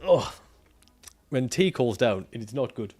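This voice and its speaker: A man's voice: mid-range voice, animated, unhurried, music in the background. A man livestreaming casually, reading out viewer comments and answering them in a jokey, profane way and laughing often.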